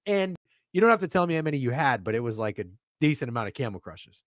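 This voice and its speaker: A young man co-hosts a casual sports betting show over a video call, joking, swearing, and getting flustered as he fusses with his camera. He talks fast and very animatedly in a mid-range, slightly bright voice. The sound is clean studio quality with no room sound.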